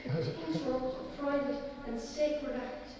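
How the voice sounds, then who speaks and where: A young woman performing a deadpan, mock-solemn comic confession sketch in a student debate. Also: high-pitched, slow pace, crowd noise. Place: large debating chamber. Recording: echoey hall from far off, audience noise.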